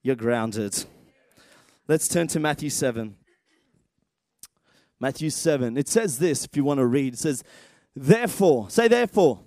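A man in his thirties preaching a sermon as pastor, telling stories with animated energy and sudden shouts. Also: mid-range voice, unhurried, pauses often, dry recording, studio quality. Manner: animated storytelling, shouts at dramatic moments.

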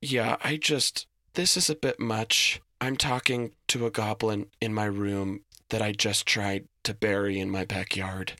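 A man's voice: fairly low pitch, fairly even intonation, a little slow, hardly any pauses, bright, forceful tone, dry recording, studio quality. A man voicing a frightened young woman who stammers and panics. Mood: bewildered.

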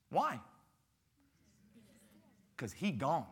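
Brief: playful pastor, high, bright voice, dramatic storyteller. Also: male voice, very animated, takes it slowly, long pauses, husky. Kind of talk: sermon at a youth rally.

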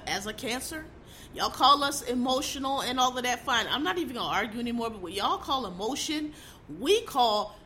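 A woman's voice: fairly high pitch, sharp tone. A middle-aged woman ranting casually as a host, blunt, profane and exasperated, hammering her points by repeating them. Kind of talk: casual opinion rant.

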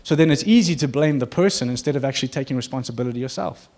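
A male pastor delivering a sermon to his congregation in an earnest, conversational manner. His voice sits at an ordinary middle pitch. He slips into short acted-out quotes. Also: racing, a little mellow.

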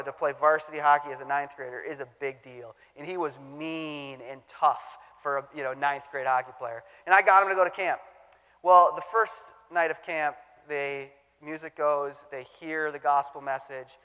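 A man and former youth pastor telling stories in a talk about theology, acting out the quotes with lively energy. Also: a little high, smooth. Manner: animated storyteller, acts out quotes. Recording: long hall reverb.

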